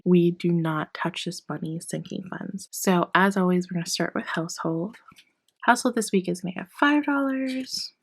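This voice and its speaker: A woman vlogging about her budget in a casual, chatty way, a little hoarse as she loses her voice, often counting cash out loud. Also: fairly low pitch, no echo, rough recording. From Canada. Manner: chatty, apologetic, counts bills aloud. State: losing her voice. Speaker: personal finance vlogger.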